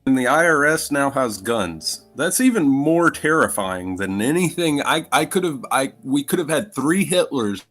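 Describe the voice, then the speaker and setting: A man's voice: mid-range voice, sing-song, normal speed, hardly any pauses, fairly bright tone, faint music behind. A man co-hosting a casual chat, joking and hesitant, full of fillers. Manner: jokey, hesitant, many fillers. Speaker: co-host.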